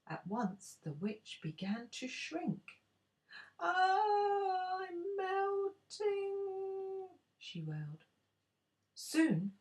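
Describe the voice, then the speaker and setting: An older woman, a grandmother, reading a storybook aloud in an expressive, unhurried way. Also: medium pitch.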